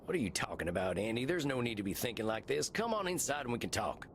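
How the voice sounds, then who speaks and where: A man's voice: mid-range voice, big pitch swings, quick pace, slight background noise. An actor with a Southern US accent playing a folksy, blunt male cowboy vampire in game dialogue. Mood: worried. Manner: folksy, plain-spoken.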